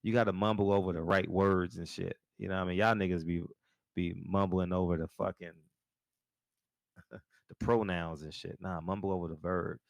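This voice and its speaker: A man's voice: low voice, little pitch movement, normal speed, vocal fry, dry recording. A man hosting a live call-in show, talking in a laid-back, slangy way and laughing often. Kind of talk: casual live-stream chat.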